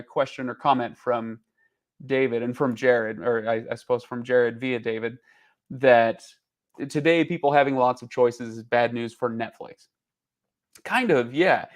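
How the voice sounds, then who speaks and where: Man talking casually to camera. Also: mid-range voice. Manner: rambling with many fillers and restarts. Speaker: channel host. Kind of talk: casual chat. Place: on the road.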